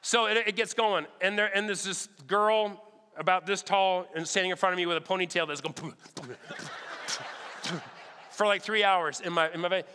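A man telling a story during a sermon, animated and lively, acting out the lines of the people in his story. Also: high-pitched, smooth. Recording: long hall reverb.

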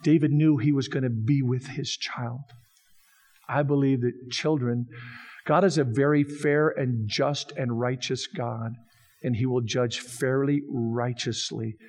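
A man's voice: mid-range voice, fairly even intonation, a little slow, darkish tone. A man preaching a sermon as pastor, building emphasis through repeated phrases. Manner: preaching with rising emphatic repetition.

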